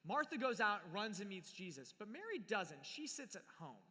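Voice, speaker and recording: A man's voice: high-pitched, sing-song, normal speed, pushed and bright, slightly rough. A man giving a live sermon on scripture, playful and acting out the people in the story, recorded in a large hall. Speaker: youth speaker. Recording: live hall with long reverb.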